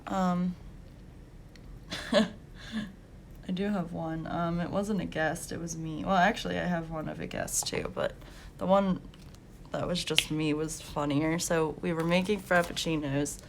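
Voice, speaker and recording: Gravelly-voiced woman chatting while coloring. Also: fairly low pitch, fairly even intonation, a little slow, long pauses, a little hiss or hum. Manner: chatty storytelling with frequent laughs and fillers. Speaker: coloring channel host. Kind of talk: casual chat while coloring.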